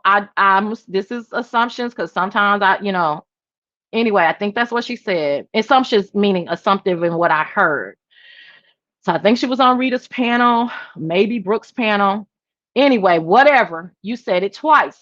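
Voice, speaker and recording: A woman hosting a casual livestream chat and reading viewer comments. She talks in an animated, emphatic, sassy way, swinging between high exclamations and low asides. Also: moderate pace, dry recording, muffled recording. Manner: sassy, talks straight to viewers as "girl" and "child". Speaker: livestream host.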